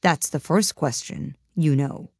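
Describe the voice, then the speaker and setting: An unbothered frog footman, as a woman reads him, droning slowly and flatly in a low voice. No room sound at all, dry and close. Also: creaky, breathy edge, dry recording, heavily acted. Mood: deadpan. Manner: slow, flat, unbothered. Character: stolid, indifferent frog footman.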